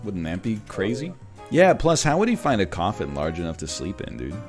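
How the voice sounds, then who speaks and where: A man's voice: sits low, wildly swooping pitch, a little fast, soft background music. A man chatting and joking casually with friends during a party game, laughing often and slipping into goofy voices. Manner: jokey, breaks into laughter, slides into goofy impressions. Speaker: streamer playing a party game.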